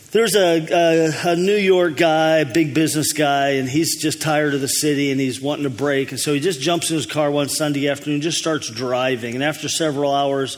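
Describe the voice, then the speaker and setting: A pastor with a slightly high voice eases into his message with folksy jokes, chuckling along as he goes. He speaks from the front of a church, and a long hall reverb trails behind his words. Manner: folksy, easygoing joke-telling with a chuckle. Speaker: lead pastor. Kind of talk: telling jokes before a sermon.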